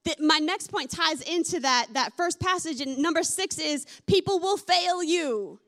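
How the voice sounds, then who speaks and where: A woman's voice: very high voice, animated, measured pace, fairly bright tone. A woman preaching a sermon in a candid, conversational way. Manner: conversational, candid, with many fillers like "like". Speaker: pastor.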